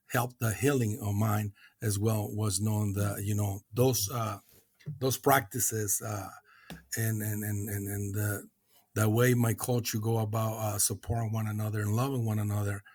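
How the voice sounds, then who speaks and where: A middle-aged man from Mexico, a guest in a recovery podcast conversation, speaking earnestly and reflectively with many hesitant pauses and restarts. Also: on the low side, no room sound, clean studio sound.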